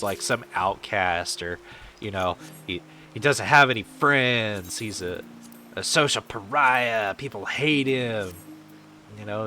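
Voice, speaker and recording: A man's voice: lowish voice, sharp tone. A man chatting casually on a game stream, rambling and swearing as he answers chat.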